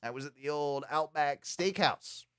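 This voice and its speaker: A man's voice: on the high side, unhurried, fairly bright tone, clean tone, dry recording, studio quality. A man co-hosting a podcast, telling stories casually and animatedly, with lots of fillers and restarts. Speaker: podcast co-host.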